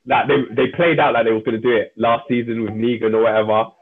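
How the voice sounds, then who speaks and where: A husky-voiced man tells a TV plot scene by scene, full of slang. The sound comes through thin and tinny, like a phone line. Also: medium pitch, fast. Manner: animated storyteller acting out scenes in slang. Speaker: podcast co-host. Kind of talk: casual chat, retelling a TV episode.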